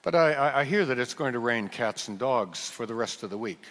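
A man's voice: mid-range voice, expressive, a little fast, fairly bright tone, pitched below the performer's own voice. A man putting on a chatty British gent. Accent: attempted British. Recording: reverberant hall.

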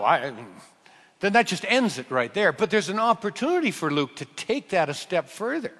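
Animated high-voiced male preacher. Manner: animated, emphatic, with slow stressed phrases. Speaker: pastor. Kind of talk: sermon. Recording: reverberant hall.

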